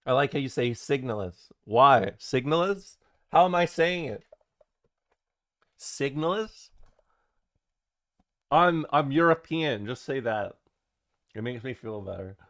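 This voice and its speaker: A man's voice: mid-range voice, animated, normal speed, a bit bright. Joking young streamer guy. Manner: rambling, jokey, talks to chat. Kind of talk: casual stream chatter.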